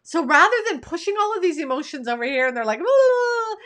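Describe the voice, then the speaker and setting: Woman leadership coach, high bright voice, chatty and expressive, talking right to you. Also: fast. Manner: conversational, warm direct address to listener. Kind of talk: motivational coaching talk.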